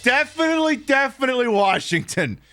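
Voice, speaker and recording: Male streamer, bright high voice, profane jokey banter over faint music. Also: sing-song, brisk. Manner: profane, joking, rambling asides. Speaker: game streamer. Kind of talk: casual game commentary.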